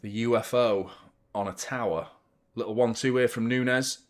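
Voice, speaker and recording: A young man talks loosely and casually, dropping the odd swear word as he banters with his viewers. His voice sits at an ordinary, middle pitch, and he breaks into quick commentary on the match. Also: steady tone. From United Kingdom. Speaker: football fan channel host. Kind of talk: live watchalong commentary and chat.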